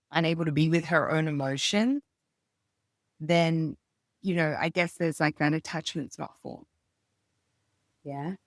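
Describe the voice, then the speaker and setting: Low-voiced woman, reflective and unhurried. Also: no room sound, clean studio sound. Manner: reflective, unhurried, thinking aloud with pauses. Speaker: podcast guest. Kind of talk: casual conversation.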